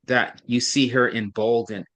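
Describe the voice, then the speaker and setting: A man tutors a single student in reading, with a voice neither high nor low. He explains patiently step by step and keeps checking for understanding. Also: steady tone, a little slow, fairly bright tone.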